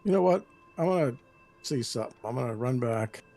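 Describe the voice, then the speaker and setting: A man playing a tabletop game, eagerly thinking aloud about his plans and sometimes rushing his words. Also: mid-range voice, expressive, gravelly, dark tone, soft background music. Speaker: player. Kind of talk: casual tabletop game chat.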